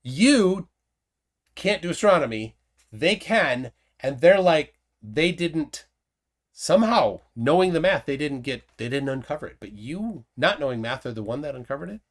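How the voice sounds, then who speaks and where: A man hosting a casual live stream, his pitch rising and falling. He reads viewer comments aloud and keeps questioning his guest. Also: big pitch swings, normal speed. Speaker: host.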